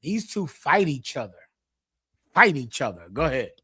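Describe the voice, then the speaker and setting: Man preaching on scripture, kinda high voice, dry no-room sound, repeats himself hard. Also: big pitch swings, normal speed, slightly rough, no echo. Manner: forceful, repetitive, acts out an addict's pleading. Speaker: teacher leading a scripture breakdown.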